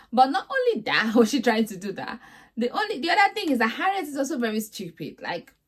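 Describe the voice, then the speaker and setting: A young woman, recapping reality TV in a sassy, exasperated, chatty vlog. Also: fairly high pitch. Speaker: vlogger host.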